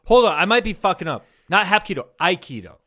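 A man co-hosting a loose comedy podcast, his voice sitting a bit high for a man. He tells crude stories with lots of swearing and breaks into laughter often. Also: very animated, fast, bright, forceful tone. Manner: crude, profane storytelling with frequent laughter. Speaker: podcast co-host. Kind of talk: casual comedy podcast chat.

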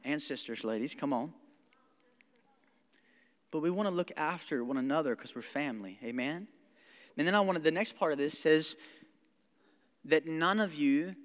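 A pastor preaching an animated sermon, laughing often and acting out his kids. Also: a little high, in a large hall.

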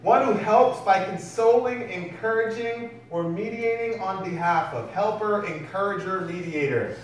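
A pastor delivers a sermon in a conversational style, frequently posing questions to the congregation. His voice sits high and his delivery is unhurried. The recording sounds distant and echoey, as if from across a hall, with faint noise.

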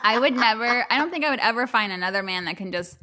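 A woman's voice: fairly high pitch, expressive, quick pace, pushed and bright. A woman co-hosting a casual chat podcast, telling stories with lots of swearing and frequent laughter. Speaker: podcast co-host.

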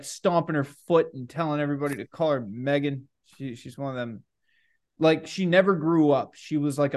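Young man, podcast co-host, casual chat, profane, laughs a lot. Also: a little high. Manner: loose, profane, laughs often.

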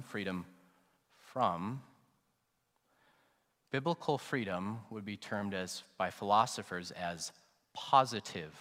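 Male pastor, sermon, dynamic preaching, loud peaks and quiet trailing lines, long hall reverb. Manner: dynamic preaching, swinging between loud emphatic peaks and soft low trailing phrases.

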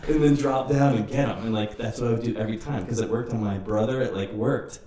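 A man in casual podcast chat, telling rambling, animated stories with swearing. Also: fairly low pitch, quick pace. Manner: rambling, animated storytelling with cursing. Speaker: podcast participant. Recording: roomy, distant mic with faint ambience.

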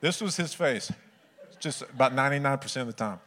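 A man's voice: medium pitch, brisk, fairly bright tone. A man, preaching a sermon in an earnest, conversational storytelling way.

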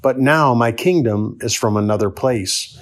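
A calm, earnest teacher speaking in a measured, steady way, as a man reading scripture gives his lines. The voice sits at a plain middle pitch. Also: natural voice.

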